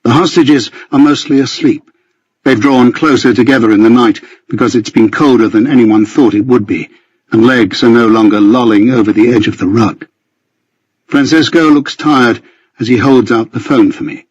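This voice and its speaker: A man with a husky voice narrating a first-person novel in a measured storytelling manner. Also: mid-range voice, dry recording, muffled recording. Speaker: audiobook narrator.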